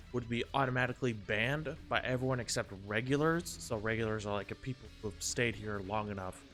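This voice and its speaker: A man's voice: mid-range voice, fairly bright tone. Male streamer, casual live chat, rambling and self-interrupting, faint guitar music underneath. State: a bit out of breath.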